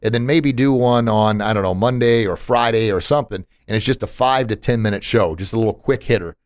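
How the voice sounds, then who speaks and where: A man's voice: lowish voice, fairly quick, no echo, clean studio sound. A man hosting a podcast in casual chat, emphatic and motivational, with punchy asides. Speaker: podcast host.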